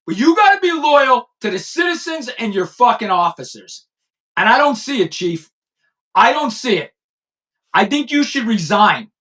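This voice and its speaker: A man's voice: very high-pitched, sing-song, normal speed, bright, forceful tone. A man in his fifties, a former police chief, hosting a blunt, profane news commentary and repeating lines for emphasis. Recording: voice a bit distant from the mic.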